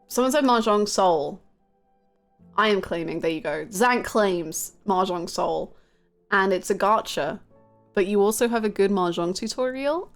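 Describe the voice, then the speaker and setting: A woman streaming a game live, chatting casually, self-mocking and answering her chat aloud. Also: medium pitch.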